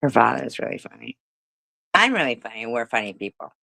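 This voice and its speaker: A woman's voice: rumbling low, sing-song, a little fast, vocal fry, bright, forceful tone, dry recording, poor audio. A middle-aged woman telling a rambling story in casual livestream chat, laughing often and swearing freely. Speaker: livestream host. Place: home livestream.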